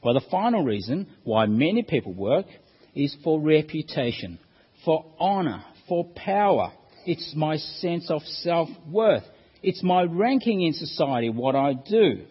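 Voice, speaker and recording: Animated man preaching in a reverberant hall. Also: fairly high pitch, a little slow, breathy edge, dull audio. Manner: animated expository preaching, acts out quotes. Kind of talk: sermon.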